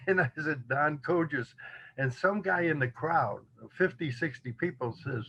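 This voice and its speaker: A man in his seventies, a guest telling stories from his past in a casual, animated way, chuckling as he acts out the voices of others. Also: fairly high pitch, unhurried, dull audio, a little hiss or hum. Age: 70s. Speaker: interview guest. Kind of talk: casual storytelling.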